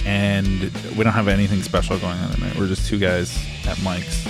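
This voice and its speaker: A man's voice: low voice, flat delivery, normal speed, gravelly, loud music behind the voice. A man co-hosting a gaming podcast, joking and rambling with lots of fillers, talking into a desk mic. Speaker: podcast co-host. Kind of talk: casual gaming podcast chat. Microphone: studio mic at desk.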